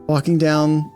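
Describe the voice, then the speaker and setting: A man running a tabletop game as game master, rambling with many fillers and reading out prepared scene text. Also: a little high.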